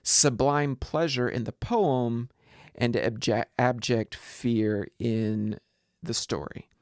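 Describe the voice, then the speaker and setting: A man delivers a literature lecture at a measured, deliberate pace. His mid-range voice is gravelly, and the close recording is dry with no room sound. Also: mid-range voice, fairly even intonation, dry recording. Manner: measured, deliberate delivery with poems read aloud.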